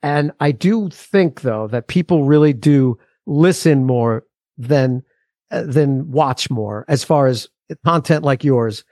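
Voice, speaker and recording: A man's voice: mid-range voice, takes it slowly, darkish tone, no echo, clean studio sound. A man in his forties, a musician guest on a podcast, talking casually in a rambling, earnest way with frequent restarts.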